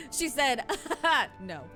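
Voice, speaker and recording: Giggly, animated woman streamer. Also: on the high side. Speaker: streamer playing a video game. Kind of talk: casual game-stream commentary.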